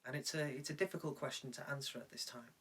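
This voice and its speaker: A man preaching a reflective sermon, telling a story with measured pauses. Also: mid-range voice, steady tone, fairly bright tone, breathy edge, recorded from a distance. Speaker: pastor. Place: indoors, recorded for online church.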